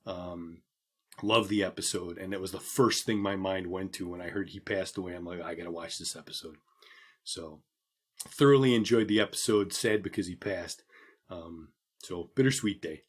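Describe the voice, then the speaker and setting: Low-voiced man co-hosting a casual podcast. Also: moderate pace, breathy edge. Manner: relaxed, rambling with many ums. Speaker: podcast co-host. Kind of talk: casual chat.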